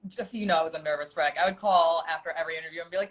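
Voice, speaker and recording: A woman's voice: on the low side, very fast, hardly any pauses. A woman who was once a contestant, chatting animatedly and poking fun at her own nerves in a casual interview. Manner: chatty, animated, self-deprecating. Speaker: former contestant.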